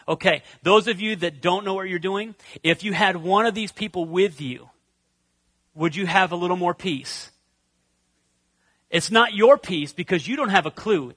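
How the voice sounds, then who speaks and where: A middle-aged man gives a casual, storytelling sermon, stopping to put questions to his listeners. His voice sits high and sounds bright and clear. The recording is dry, with no room sound. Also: no echo. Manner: conversational, storytelling with asides to the congregation. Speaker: pastor.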